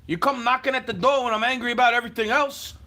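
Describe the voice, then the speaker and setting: A man ranting at the camera from his home, profane and confrontational, shouting at times. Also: very high voice, steady tone, fast talker. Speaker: livestreamer. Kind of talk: angry rant to camera. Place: indoors, home.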